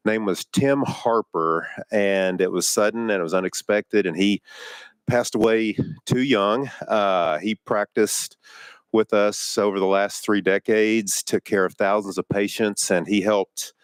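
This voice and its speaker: A man with a fairly low voice chairs a legislative hearing, calling bills and votes in a plain, procedural manner. He fills pauses with "uh" and "um." The sound is dry and close on a desk microphone. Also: fairly even intonation, clean tone, no room sound. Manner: procedural, plain-spoken with frequent fillers. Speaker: committee chairman.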